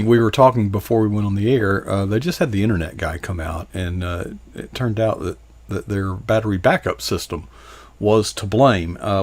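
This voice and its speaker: Relaxed, low-voiced male host. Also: dry recording. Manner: relaxed and affirming, often murmurs agreement. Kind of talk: casual interview chat.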